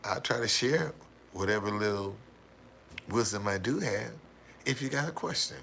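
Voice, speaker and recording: Speaking at a moderate pace, this livestream host from the United States has a fairly low, creaky, bright voice with lively intonation and a forceful edge. He rambles through a story for viewers, repeating himself and laughing heartily and often, with a little hiss or hum behind him.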